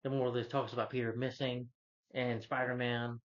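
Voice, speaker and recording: A man talks through a film's plot in a loose, rambling way, often stopping to correct names. His voice sits at an ordinary middle pitch. The recording is dull and slightly lo-fi. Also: little pitch movement, moderate pace. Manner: rambling, self-correcting, retells scenes with "he's like" quotes. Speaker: film reviewer. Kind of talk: casual spoken film recap.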